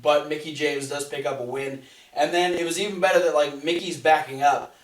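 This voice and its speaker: A man's voice: on the high side, steady tone, brisk. A man co-hosting a podcast, casually recapping matches with plenty of restarts and fillers. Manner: rambling recap with frequent restarts. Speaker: podcast co-host. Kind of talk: casual wrestling recap chat. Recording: roomy, distant mic.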